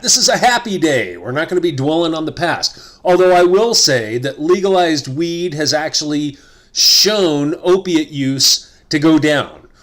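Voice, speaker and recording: A man's voice: a little high, fairly bright tone. A middle-aged man hosting a casual vlog monologue, rambling and joking with asides. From United States. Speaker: host.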